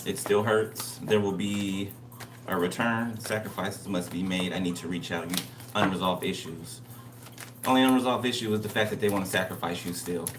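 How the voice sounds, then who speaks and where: A man's voice: low-pitched, fairly even intonation, moderate pace, echoey room, recorded from a distance, noisy background. A man giving a casual spiritual reading. He talks bluntly and emphatically, repeats himself, and swears freely. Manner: blunt, repetitive, profane. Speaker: tarot reader.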